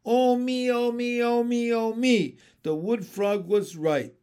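A man's voice: high voice, lively intonation, a little slow. A man doing a scolding mother frog. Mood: fretful. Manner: fussy, scolding complaints. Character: exasperated female frog mother, fussy and scolding. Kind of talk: storybook read-aloud.

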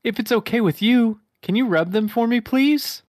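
A man putting on a cheerful young blue hedgehog hero, sung out far above his normal range in a sweet, breathy, exaggerated voice. It sounds close and dry, with no room around it, like a comedic podcast fan fiction reading. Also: normal speed, dry recording. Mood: pleading. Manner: high, breathy, over-the-top sweet delivery.

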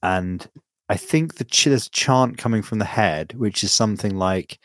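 A man co-hosting a casual podcast chat, rambling and animated, acting out quotes as he tells stories. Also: medium pitch, moderate pace, no echo. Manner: rambling, animated storyteller who acts out quotes. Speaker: podcast co-host.

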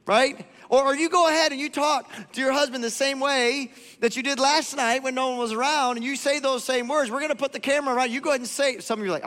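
A man's voice: extremely high pitch, fast, in a large hall. A man preaching a sermon as pastor, speaking conversationally and directly to the congregation. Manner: animated, acts out quoted voices. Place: church auditorium.

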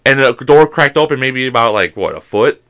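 A young man telling a story in casual chat, animated and swearing constantly. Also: medium pitch, a little fast. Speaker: podcast co-host.

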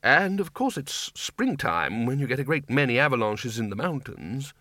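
A man's voice: medium pitch, very animated, normal speed, pushed and bright, no echo, studio quality. A man voicing a fussy male wizard lecturer in a prim, slightly raised voice. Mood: musing.

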